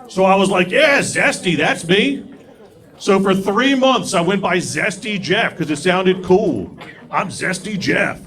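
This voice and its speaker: A young man doing a stand-up set on a comedy club stage with an animated, self-mocking delivery. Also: high voice. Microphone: stage mic. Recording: live club recording with crowd. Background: audience laughter.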